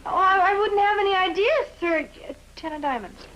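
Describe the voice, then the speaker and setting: An actress in a 1960s sitcom playing a wisecracking, ditzy Navy Wave. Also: female voice, very high-pitched, normal speed, a bit bright. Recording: noisy old TV soundtrack.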